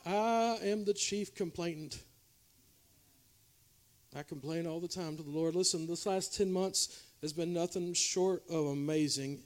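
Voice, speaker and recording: A man preaching a revival sermon as a pastor, swinging between loud exhortation and quiet, confessional asides to the congregation. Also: measured pace. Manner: preaching with shifting loudness, from shouting highs to quiet confessional lows. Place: church revival service.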